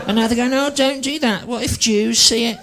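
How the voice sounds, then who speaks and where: A woman's voice: on the high side, steady tone, fairly quick, very noisy, pitched above the performer's own voice, lightly acted. A man voicing an indignant elderly grandmother who rambles and complains. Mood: shrill outrage. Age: older.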